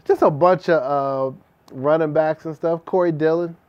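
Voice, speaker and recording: A man's voice: fairly high pitch, steady tone, normal speed, a little mellow, no room sound, lo-fi sound. A man co-hosting a podcast, chatting casually, teasing dryly and listing sports names. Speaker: podcast co-host. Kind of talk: casual chat.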